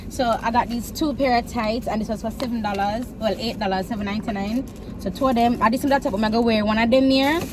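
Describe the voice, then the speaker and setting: A woman's voice: on the high side, background noise. A young woman from Jamaica with a Jamaican accent, chatting casually in a travel vlog and slipping into patois when she tells stories. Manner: chatty, animated storytelling with patois quotes. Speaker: vlogger. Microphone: phone.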